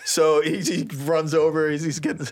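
A man who is a priest, telling a story in a casual, animated, slangy way and laughing often on a talk show. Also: fairly high pitch, moderate pace. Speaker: priest, co-host.

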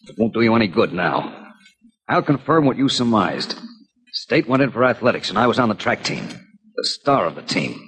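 An actor playing a young male accountant who turns out to be a cold killer, in 1940s radio acting, calm then coldly threatening. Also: on the low side, normal speed, husky, heavily acted. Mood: menacing. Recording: old radio recording with long reverb and faint hiss.

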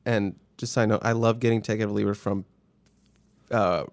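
Brief: male podcast host, gravelly, joking, casual sports banter. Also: fairly low pitch, fairly even intonation, a little fast. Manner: joking, runs the segment.

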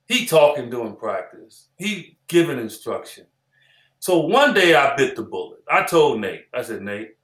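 A man in his sixties, a former basketball player, tells animated stories in an interview, acting out the dialogue and repeating phrases. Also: sits low. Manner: animated storyteller who acts out quoted dialogue and repeats phrases. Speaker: former basketball player and analyst as podcast guest. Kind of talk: storytelling interview chat. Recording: roomy echoey room.

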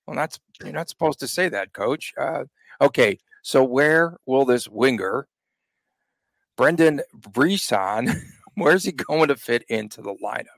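Male sports podcaster, mid-pitched, jokey and loose, dry studio sound. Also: animated, measured pace, gravelly, no echo. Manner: joking, rambling, laughs often. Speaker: podcast co-host. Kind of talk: casual sports chat.

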